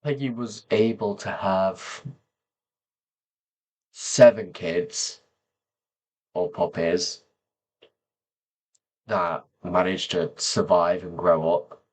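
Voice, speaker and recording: A man talking slowly and softly to camera, pausing often as he reflects on personal memories. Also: low voice, steady tone, slightly rough. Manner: slow, soft-spoken, pausing often. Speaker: vlogger.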